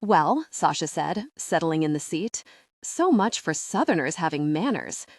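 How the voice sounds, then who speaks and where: A woman's voice: sits low, sing-song, measured pace, no room sound, clean studio sound, exaggerated voice. A woman voicing a haughty, scheming female coworker who speaks with disdain in an audiobook. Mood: disdainful. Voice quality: disdainful, snooty.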